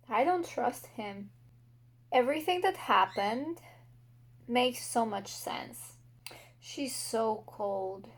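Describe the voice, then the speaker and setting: A woman's voice: a little high, lively intonation, drawn-out words, pauses often, slightly rough. A young woman book vlogger reacting aloud while reading, emotional and exclaiming, talking to the characters.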